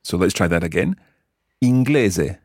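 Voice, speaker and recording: A man's voice: low-pitched, sing-song, moderate pace, breathy edge, no echo, clean studio sound. A Scottish man hosting an audio language lesson, patiently enunciating words for learners to repeat. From Scotland. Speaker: language teacher, podcast host.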